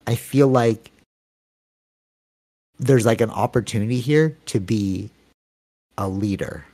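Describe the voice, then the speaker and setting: A man's voice: on the low side, slow pace, warm tone. A man in his thirties hosting a casual podcast chat, talking with lots of energy and many "like"s and "you know"s. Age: 30s. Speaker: podcast host.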